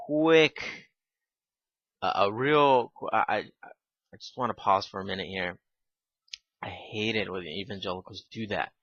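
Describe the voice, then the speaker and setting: A man giving casual spoken commentary, halting with fillers and restarts, and given to irritated asides. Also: lowish voice, bright, forceful tone, no room sound. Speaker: video commentator. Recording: dull lo-fi home recording.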